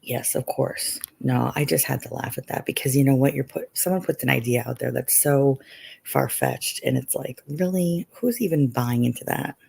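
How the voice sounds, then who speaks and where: A woman's voice: very deep voice, normal speed, vocal fry, a little mellow, husky. A middle-aged woman hosting a live stream, chatting casually with viewers and often saying "you know".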